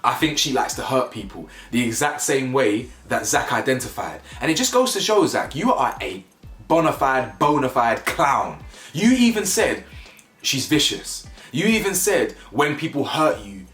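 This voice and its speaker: Animated man ranting in an echoey room. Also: mid-range voice, moderate pace. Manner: animated, emphatic, slangy, repeats words for stress. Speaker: reality TV reviewer. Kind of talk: ranting show review. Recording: echoey room with faint music.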